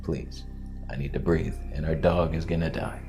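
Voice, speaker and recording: A man's voice: very deep voice, level tone, moderate pace, over music, pitched below the performer's own voice. A man voicing his friend's exasperated girlfriend, pleading and fed up. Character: exasperated girlfriend, young adult woman.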